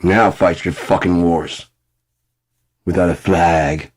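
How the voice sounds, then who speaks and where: Fifty-something man, low and gruff, rambling foul-mouthed vlog rant. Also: fairly even intonation, slow pace. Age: 50s. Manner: heavy swearing, rambling, mutters low then flares up loud. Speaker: vlogger. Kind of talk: casual profane rant.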